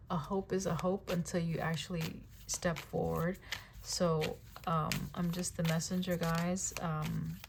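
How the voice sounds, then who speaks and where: A woman with a gravelly, slightly low voice reads tarot cards in a loose, chatty way. She repeats her phrases and keeps checking in with "right?" and "okay?". A faint hiss runs under her voice. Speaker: tarot reader. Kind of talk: casual tarot reading.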